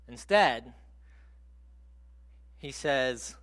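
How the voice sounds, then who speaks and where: A man preaching a sermon in a conversational, animated storytelling way. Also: mid-range voice, measured pace, pauses often.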